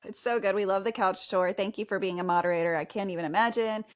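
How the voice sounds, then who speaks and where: A woman's voice: medium pitch, steady tone. Encouraging female podcast host. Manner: warmly encouraging, quick affirmations. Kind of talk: casual chat.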